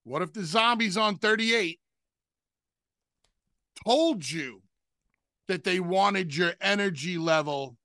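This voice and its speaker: Gravelly slow-talking male radio co-host. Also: high-pitched, pushed and bright, dry recording, studio quality. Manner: teasing, questioning. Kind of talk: playful radio banter.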